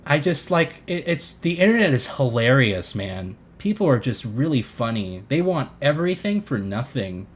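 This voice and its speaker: A man's voice: mid-range voice, big pitch swings, moderate pace, hardly any pauses. A man hosting a livestream, ranting in an exasperated, sarcastic way, swearing and restarting his sentences while answering chat. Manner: reads chat comments aloud and answers them. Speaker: livestream host reacting to a console reveal. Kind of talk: casual livestream rant.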